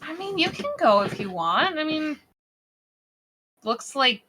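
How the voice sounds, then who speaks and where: A woman's voice: sits high, very animated, takes it slowly, bright, forceful tone, slight background noise. A woman playing a character in a tabletop game, offhand and hesitant. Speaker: player.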